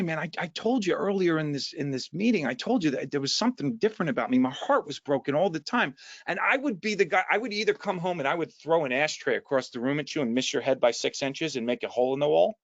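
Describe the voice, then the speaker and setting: Earnest gravelly New Jersey man sharing. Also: fairly high pitch, fairly bright tone, no room sound. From New Jersey, USA. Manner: earnest, repetitive, many restarts and fillers. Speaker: recovery meeting speaker. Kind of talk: personal share at an online recovery meeting. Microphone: video call mic. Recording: dull, lo-fi dry online call audio.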